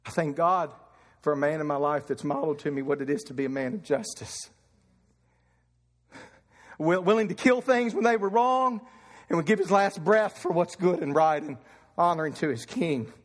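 Pastor, man, thirties, from Kentucky; fervent sermon with stories, high voice, echoing church hall. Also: moderate pace, pauses often. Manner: fervent preaching with storytelling.

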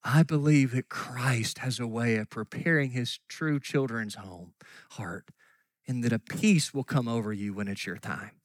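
A middle-aged man preaching a sermon, telling a story earnestly and dropping at times to soft near-whispers. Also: mid-range voice, unhurried, no echo. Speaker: pastor.

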